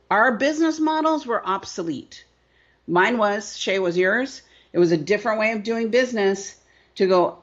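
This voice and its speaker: Middle-aged woman coach, candid and emphatic interview voice, dull recording. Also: medium pitch. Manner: emphatic, repetitive, rhetorical "right?". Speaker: business coach and author.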